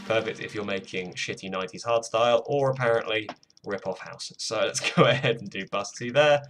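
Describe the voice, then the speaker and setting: Low-voiced British guy, relaxed live-stream walkthrough, self-deprecating, faint music under him. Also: a little fast. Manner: casual, self-mocking, swears freely. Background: faint music playing.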